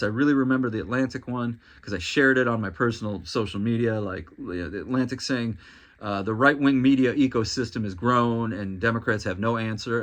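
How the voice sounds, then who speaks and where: A man's voice: mid-range voice, a bit bright. A man hosting a podcast, delivering a solo commentary monologue in an exasperated, ranting and sarcastic way. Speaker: podcast host.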